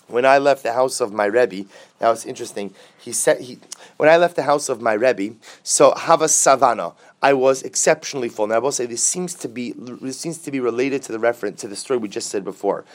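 A man giving a Talmud class in a lively, conversational way, asking rhetorical questions and urging the listeners to listen. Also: mid-range voice. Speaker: Talmud teacher.

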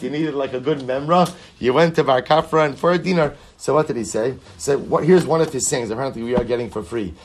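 A man's voice: mid-range voice, breathy edge. A man teaching a Talmud class, reading Aramaic lines aloud and translating them, with many rhetorical questions and repeated phrases.

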